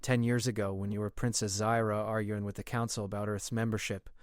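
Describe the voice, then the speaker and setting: A man voicing a humble, devoted human translator who speaks earnestly and gently. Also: fairly low pitch, level tone, fairly quick, smooth, dry recording, clean studio sound, close to an everyday voice.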